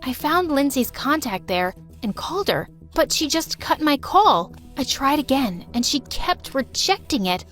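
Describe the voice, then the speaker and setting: Young female storyteller, high voice, dramatic expressive narration. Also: a little slow, hardly any pauses, faint music behind. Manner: dramatic, expressive first-person telling. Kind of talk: first-person storytime narration.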